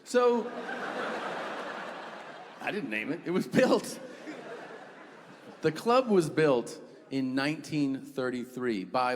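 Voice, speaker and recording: A man's voice: medium pitch, expressive, slow, long pauses. A man in his forties performing a stand-up comedy set, acting out characters with shifting voices on a handheld mic in a large theater. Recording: echoey theater hall with crowd noise.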